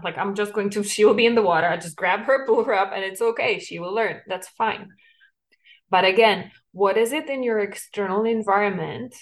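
A woman talks through a solo parenting podcast with an earnest, coaching tone. She explains things patiently and lets small laughs slip into her sentences. Her voice sits at an ordinary middle pitch.

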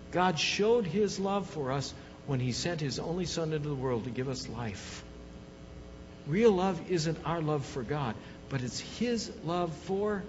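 Male pastor, slightly high voice, emphatic repeating sermon cadence; dull recording with long hall reverb. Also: noisy background. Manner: emphatic, repetitive preaching cadence.

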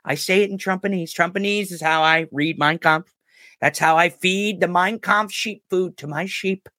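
Man doing a mocking impression, blustering older politician, boastful, high-pitched, dry sound. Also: moderate pace, sharp tone, no echo. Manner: mocking, exaggerated bragging.

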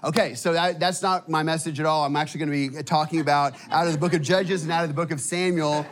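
Fired up church preacher guy, kinda high voice, lots of ums and restarts, casual. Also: fast. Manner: energetic, casual, many fillers and restarts. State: emotional at times. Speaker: guest preacher. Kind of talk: sermon. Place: church auditorium.

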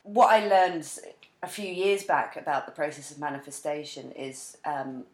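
A woman's voice: low-pitched, moderate pace, echoey room. A woman co-hosting a casual podcast chat, talking with frequent laughs and self-mocking asides. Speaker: podcast co-host.

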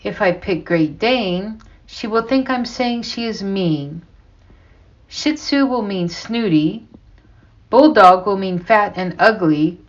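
A woman's voice: medium pitch, expressive, takes it slowly. A woman voicing a nervous middle-aged husband weighing his words, on a dull lo-fi recording. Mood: anxious. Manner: fretful inner monologue.

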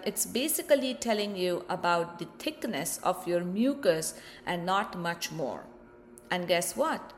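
A woman's voice: medium pitch, slight background noise. A woman hosting a health podcast, giving a scripted educational explanation with rhetorical questions to the listener.

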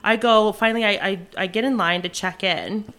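A young woman tells a frantic travel story among friends, her mid-pitched voice bouncing as she acts out what everyone said. She laughs often and talks in quick, lively bursts. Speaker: flight attendant telling a travel story. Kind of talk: animated casual storytelling.

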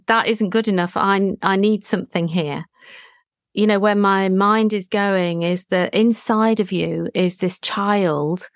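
Female therapist-host, gentle and reflective, guiding tone, dry recording. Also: medium pitch, no room sound. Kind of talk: therapy session dialogue.

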